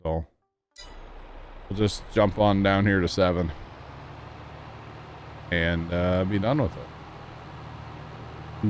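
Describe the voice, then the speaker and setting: Low-voiced man chatting on a game stream. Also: fairly even intonation, extremely slow, long pauses, a little hiss or hum. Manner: rambling, talks to chat, chuckles at himself. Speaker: livestream gamer. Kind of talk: casual stream chat while playing.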